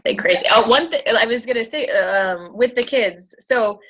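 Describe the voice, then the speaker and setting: A woman's voice: fairly high pitch, normal speed, a bit bright, slight background noise, rough recording. A young woman and mother of two, co-hosting a sales team call in upbeat, chatty motivational talk, telling stories about her kids. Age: young adult. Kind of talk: casual motivational chat.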